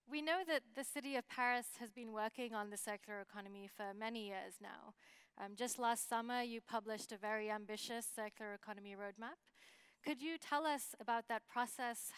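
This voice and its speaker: A young adult woman moderating a conference panel, briskly laying out the plan and putting the first question to a panelist. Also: a little high, fairly bright tone, smooth, no room sound. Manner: brisk, organized framing of questions.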